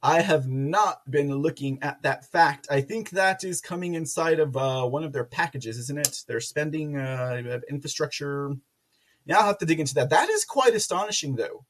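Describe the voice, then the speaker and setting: A man hosting a casual political commentary livestream, rambling with many fillers and restarts, with sarcastic asides and loud laughs. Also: on the high side, animated, moderate pace. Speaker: podcast host.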